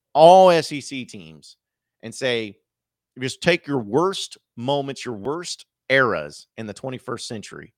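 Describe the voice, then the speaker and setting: A man's voice: on the low side, no echo, clean studio sound. A man hosting a sports podcast, talking casually and with strong opinions, often restarting his sentences. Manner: opinionated, emphatic, with frequent restarts. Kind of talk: casual solo podcast commentary.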